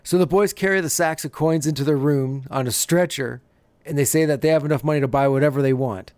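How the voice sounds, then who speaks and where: A man's voice: a little high, fast talker, a little mellow, dry recording. A man hosting a podcast, casually recapping an episode and laughing often as he retells scenes. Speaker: podcast host.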